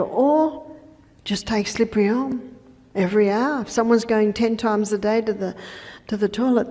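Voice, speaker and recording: A woman health educator giving a lecture, telling patient stories in a conversational way with soft asides. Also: on the high side. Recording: reverberant lecture hall.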